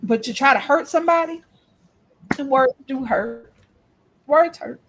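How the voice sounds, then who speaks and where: Woman, high voice, casual chat, emphatic storyteller. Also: measured pace, a bit bright. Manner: storytelling, emphatic, lectures trolls. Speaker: co-host.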